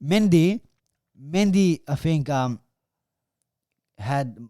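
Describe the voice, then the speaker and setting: A man, a bit higher-pitched than most men, chatting about football as a podcast co-host. He talks in excited bursts and drops sentences halfway through. The sound is dry and close to the mic. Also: drawn-out words, no room sound. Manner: animated, excitable bursts, trails off mid-sentence. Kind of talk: casual football chat.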